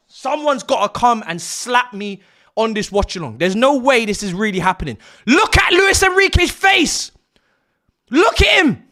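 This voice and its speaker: A young man hosting a live football watch-along, his voice climbing very high when he yells at the screen. His tone is bright and sharp, with lively swings in pitch. Between bursts he draws his words out slowly. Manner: excitable, yelling and exclaiming at the match. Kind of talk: live reaction commentary.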